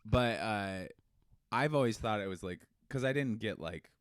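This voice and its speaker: A man co-hosting a podcast, talking in a loose, rambling, self-deprecating way with plenty of fillers. His voice sits low and sounds smooth and resonant. The recording is dry and close. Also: lively intonation, normal speed, no room sound. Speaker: podcast co-host. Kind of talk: casual podcast chat.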